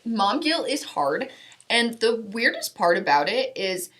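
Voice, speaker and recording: A woman's voice: fairly high pitch, big pitch swings, measured pace, a bit bright. A young woman co-hosting a podcast, a mother of young children talking reflectively and supportively in a casual chat. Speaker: podcast co-host.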